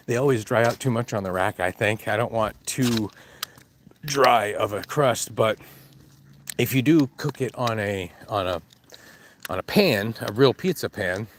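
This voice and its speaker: Guy vlogging while walking his dog, rambly, laughs at his own jokes, some faint noise around. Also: mid-range voice. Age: adult with kids. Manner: rambling, jokey, laughs at himself. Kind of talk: casual walk-and-talk monologue. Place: outdoors on a dog walk.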